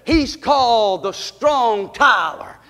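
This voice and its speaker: A pastor preaching a fiery Easter sermon in a church, shouting in bursts and then dropping low. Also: male voice, lively intonation, takes it slowly. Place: church sanctuary. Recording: long church reverb.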